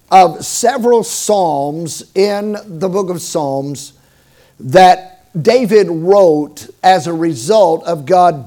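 A middle-aged man preaches a sermon in a high, light voice. He tells stories with humor and leans hard on certain words, rising loud and then dropping low. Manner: storytelling with humor, emphatic swings in loudness. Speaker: pastor.

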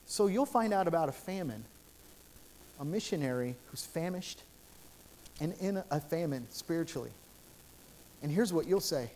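A man's voice: fairly high pitch, animated, normal speed, long pauses, mellow, slight background noise. A male pastor preaching a sermon in a church sanctuary, telling stories in an earnest, repetitive way with frequent restarts.

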